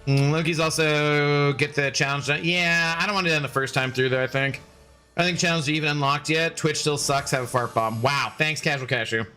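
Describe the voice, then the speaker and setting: A man's voice: fairly high pitch, fairly even intonation, fairly quick, sharp tone, clean tone, faint music behind. A young man streaming a game, chatting casually and jokingly with his viewers as he plays. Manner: chatty, rambling, joking with chat.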